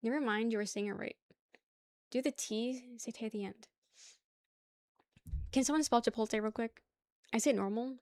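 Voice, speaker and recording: A woman's voice: a little high, moderate pace, pauses often, darkish tone, no room sound. A young woman livestreaming casual chat with her viewers, rambling, laughing easily and swearing offhandedly. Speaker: livestream host.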